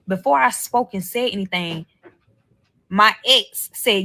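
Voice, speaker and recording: A woman's voice: medium pitch, expressive, moderate pace, sharp tone, a little hiss or hum, poor audio. A woman telling a personal story in a casual, profane way, acting out each quoted line with animation.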